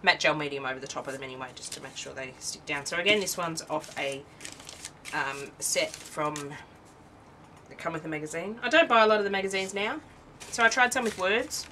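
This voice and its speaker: Speaking a little fast in a low voice with a sharp tone, a weary Australian craft host rambles through a casual show-and-tell. She interrupts herself mid-sentence, and the poor recording, made from a distance, has a little hiss or hum.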